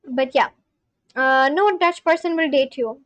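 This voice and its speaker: With an unhurried delivery and a voice that sits high and a bit bright, a young woman streams and chats loosely with her audience, using lots of fillers. She answers chat directly, sometimes scolding, sometimes reassuring. The audio has no echo.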